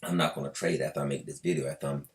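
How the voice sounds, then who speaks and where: A man and trader with a very low voice explains trading in a loose, colloquial way, with mild swearing, often acting out buyers and sellers in quick quoted asides. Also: fairly even intonation. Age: adult with a school-age daughter. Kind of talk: casual explainer video.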